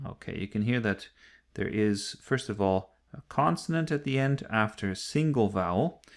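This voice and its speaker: A man's voice: on the low side, animated, moderate pace. A man teaching an English grammar lesson, explaining patiently step by step and repeating key points.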